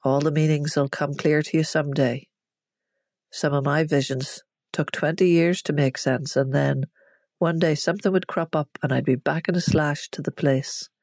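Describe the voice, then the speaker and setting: Narrator doing a village herb-healer mum, teasing but sharp, close dry sound. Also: medium pitch, fairly even intonation, normal speed, dry recording, close to an everyday voice. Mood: wise. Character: warm teasing village mother, herbal healer.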